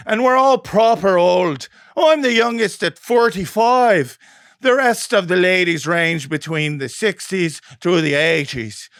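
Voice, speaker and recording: A man voicing a middle-aged woman knitter, reading her message in a put-on Derry accent with a high, chirpy voice. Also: a bit bright, no echo, clean studio sound, exaggerated voice.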